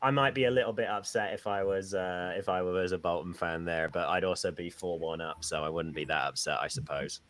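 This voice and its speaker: A man giving laid-back, measured play-by-play on a football match as co-host of a fan live stream. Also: sits low, steady tone, fairly bright tone. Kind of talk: casual live match commentary.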